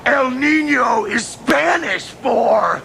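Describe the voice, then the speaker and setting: A man's voice: drawn-out words, vocal fry, heavy background noise, full character voice. An actor playing a pompous, blustering man who claims to be a storm, in a sketch-comedy clip. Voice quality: booming, pompous. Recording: clip with loud music under it.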